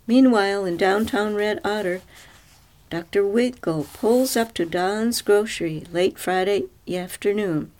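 A woman narrating a story aloud in an even, measured reading voice. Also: medium pitch.

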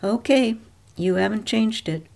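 A woman reading a brisk older male supervisor. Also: medium pitch, vocal fry, a little mellow, voice pushed up.

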